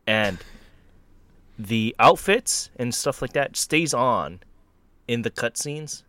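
A man chatting casually about a video game, excitable and laughing often, tripping over his words. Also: medium pitch, slow, dry recording. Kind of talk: casual gaming chat.

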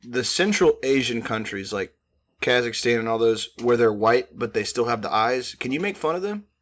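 A man's voice: medium pitch, lively intonation, moderate pace, fairly bright tone. A young man co-hosting a podcast in casual chat, rambling and hesitant with lots of fillers and restarts. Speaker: podcast co-host.

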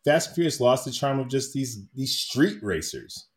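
Regular guy, medium voice, animated movie chat, laughs a lot. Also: medium pitch, moderate pace. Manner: animated, laughs often, acts out quotes. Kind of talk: casual chat about movies.

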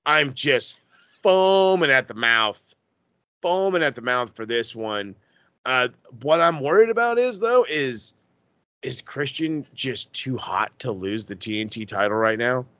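A man chats on a podcast in a bright, forceful voice, fired up and swearing freely. The sound is close and dry, with no room around it. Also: medium pitch, a little slow, no echo. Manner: excitable and profane, gushing. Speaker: podcast co-host. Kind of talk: casual chat.

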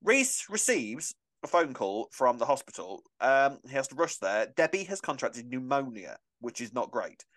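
A man, co-hosting a casual chat about a soap opera, chatty and quick to laugh. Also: mid-range voice, no room sound. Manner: chatty, animated, laughs often and acts out quotes. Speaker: podcast co-host.

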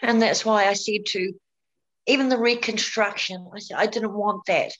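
A woman's voice: mid-range voice, steady tone, normal speed, fairly bright tone, dull audio. A woman, a guest telling her own story in a frank, candid way and often repeating words. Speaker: interview guest, breast cancer survivor. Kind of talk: personal storytelling in conversation.

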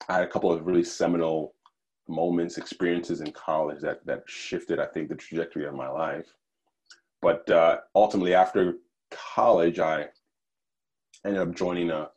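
A man from Nigeria who grew up in the United States, speaking as a podcast guest in a thoughtful, measured way with fillers and restarts. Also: low-pitched, darkish tone. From Nigeria, raised in the United States. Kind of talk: conversational interview.

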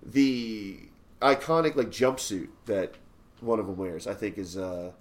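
A man's voice: fairly low pitch, a little slow. A man co-hosting a casual movie podcast, rambling through plots with frequent restarts, swearing and bursts of enthusiasm. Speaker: podcast co-host.

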